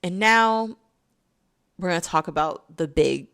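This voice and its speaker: A woman's voice: fairly low pitch, lively intonation, measured pace, fairly bright tone, clear, resonant tone. A young woman talking through a casual video essay, chatty and full of "like"s. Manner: chatty, filler-heavy, with many "like"s.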